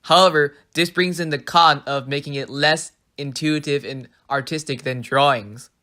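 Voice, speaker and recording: Teacher narration, bright voice, mid pitch, clear explanatory pacing, voice-over. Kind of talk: scripted narration.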